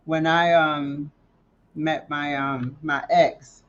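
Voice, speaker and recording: Brief: slow-talking, giggly man, a bit high, heard over dull lo-fi audio. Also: flat delivery, fairly bright tone. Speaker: livestream co-host. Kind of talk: casual chat.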